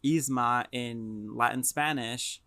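Bright-voiced young man chatting casually. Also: mid-range voice, slow pace, no room sound. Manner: animated, stammers and restarts, mimics lines in quotes. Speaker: podcast co-host or guest. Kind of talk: casual chat.

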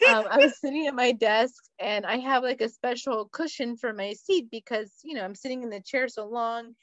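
A woman co-hosting a podcast, telling loose stories and swearing often as she laughs through them. Her voice sits fairly high, and the sound is dry and a little muffled. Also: normal speed, a bit bright, no room sound. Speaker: podcast co-host. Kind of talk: casual chat.

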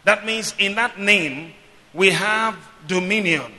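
Slowly, in a high and piercing yet brilliant voice, a preacher alternates loud proclamations with quiet teaching and invites the congregation to answer back. His sermon echoes with the lengthy reverb of a church hall.

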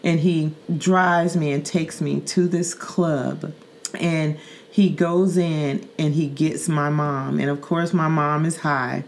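A woman's voice: low-pitched, steady tone, slow, slight background noise. A middle-aged woman from Saint Louis, hosting a podcast and telling a personal story in an earnest, vivid way with fillers and repeats. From Saint Louis, Missouri. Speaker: podcast host. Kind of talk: personal storytelling in casual chat.

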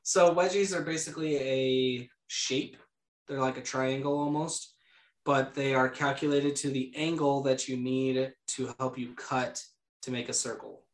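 Very deep-voiced woman, roomy echo. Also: fairly even intonation, a little slow. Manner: friendly, explains things simply. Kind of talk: casual podcast chat.

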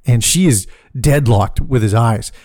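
A man hosting a podcast, telling a comic personal story in a profane, animated way, laughing as he goes. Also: medium pitch, measured pace, no room sound, studio quality. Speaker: podcast host.

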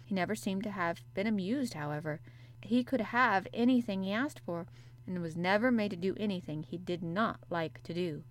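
A woman narrating a classic novel in an even, measured storytelling manner. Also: medium pitch. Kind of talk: audiobook narration.

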